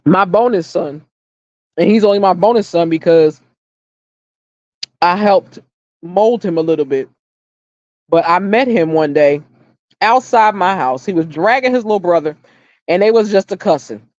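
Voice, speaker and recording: A woman's voice: on the low side, expressive, normal speed, long pauses, a little mellow, no room sound, dull audio. Blunt, foul-mouthed middle-aged woman. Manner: blunt, opinionated, swears freely; storytelling, emphatic repetition. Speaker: livestream host. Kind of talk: casual livestream chat.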